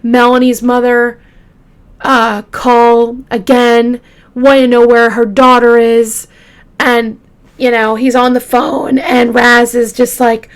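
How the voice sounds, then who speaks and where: A woman hosting a true crime show, retelling a case casually with halting fillers and restarts, openly shaken by the grim details. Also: fairly high pitch, fairly even intonation. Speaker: true crime podcast host.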